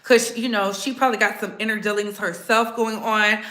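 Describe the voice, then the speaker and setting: A woman's voice: medium pitch, fairly even intonation, normal speed, sharp tone, reverberant. A woman hosting a casual livestream, blunt and sassy, talking straight to her viewers in the chat. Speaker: livestream host.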